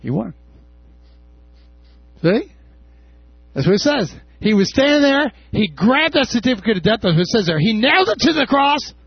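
A man preaching a sermon, impassioned, with shouted peaks and casual asides. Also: very high voice, sing-song, normal speed, pauses often, husky, no room sound. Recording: dull lo-fi sound.

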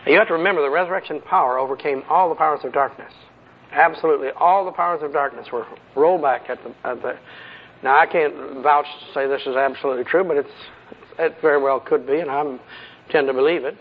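A man preaches in a folksy, conversational way and keeps putting rhetorical questions to his congregation. His voice sits a little high and sounds husky. The old recording is dull and muffled. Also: fast talker. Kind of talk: sermon.

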